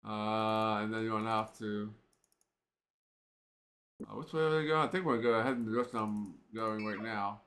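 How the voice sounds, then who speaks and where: Bright-voiced man playing a retro game. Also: on the low side, moderate pace, pauses often. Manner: casual, thinking aloud with many fillers. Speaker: streamer. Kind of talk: let's play commentary.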